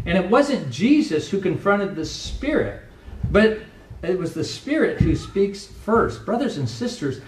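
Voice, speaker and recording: A middle-aged pastor preaching a sermon with earnest, emphatic delivery, recorded from a distance in a church sanctuary. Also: male voice, sits high, very animated, unhurried, a little hiss or hum. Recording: echoey room, voice from a distance.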